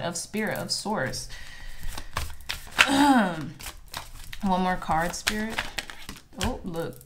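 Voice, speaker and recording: A woman giving a casual, encouraging tarot reading to her viewers, reading card affirmations aloud with chatty asides. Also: fairly low pitch. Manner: chatty with fillers and asides like "child" and "okay". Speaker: tarot reader.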